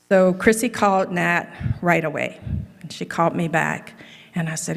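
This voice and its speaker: A woman's voice: fairly low pitch, normal speed, gravelly. A middle-aged woman giving a humorous tribute speech, telling stories with dry running jokes in a large event hall. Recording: reverberant hall.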